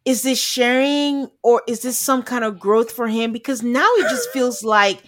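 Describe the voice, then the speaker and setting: A woman's voice: a little high, measured pace. A woman co-hosting a podcast, recapping a reality show in casual chat, laughing often and quoting people. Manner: chatty, laughs often, quotes people in animated asides.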